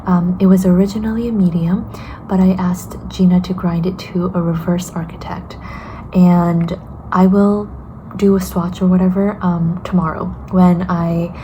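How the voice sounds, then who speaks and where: A woman vlogging in a casual, soft half-whisper, tired and a little hoarse, thanking viewers and friends. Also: lowish voice, fairly even intonation, normal speed, a little hiss or hum, poor audio. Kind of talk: casual vlog talk to camera.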